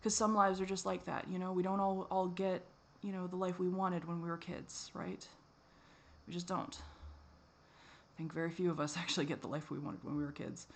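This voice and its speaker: A tired man rambling in a personal vlog, swearing a lot and drifting between normal talk and low mutters. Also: level tone, fairly quick, vocal fry, a little hiss or hum. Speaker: vlogger.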